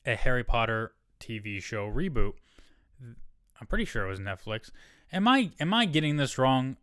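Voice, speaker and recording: Smooth-voiced man hosting a casual podcast. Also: mid-range voice, big pitch swings, measured pace, fairly bright tone, no room sound, studio quality. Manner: rambling, self-correcting, reading an article aloud. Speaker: solo podcast host. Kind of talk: casual solo podcast talk.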